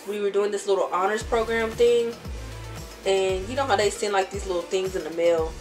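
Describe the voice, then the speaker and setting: Over soft background music, a young beauty vlogger talks at a moderate pace in a mid-range, darkish voice with fairly even intonation. She does her makeup at home, chatting through rambling stories and laughing frequently.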